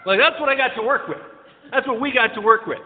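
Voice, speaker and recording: A man's voice: very high-pitched, quick pace. A man preaching a casual, joking sermon in a church, with many fillers and restarts. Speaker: pastor. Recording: tinny, phone-like sound in a reverberant hall.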